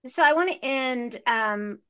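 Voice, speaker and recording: A woman hosting a podcast, asking the guest open questions in a measured way. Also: high-pitched, expressive, a bit bright, clear, resonant tone. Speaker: podcast host. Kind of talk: interview questions.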